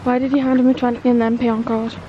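A woman's voice: a little high, level tone, fast, lo-fi sound. A woman by a lake, teasing her cousin and laughing in casual chat. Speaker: vlogger's cousin. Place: outdoors by a lake. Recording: clear outdoor background noise.

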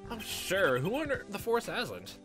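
A man voicing a gruff, bossy male detective with a shaky attempt at a British accent. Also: high-pitched, wildly swooping pitch, a little slow, music in the background, voice pushed up, exaggerated voice. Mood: sarcastic.

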